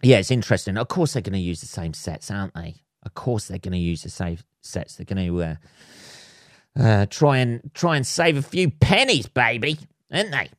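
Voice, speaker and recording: A man hosting a solo comedy podcast, rambling and swearing with deadpan asides. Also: fairly low pitch, moderate pace, dry recording, studio quality. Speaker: podcast host.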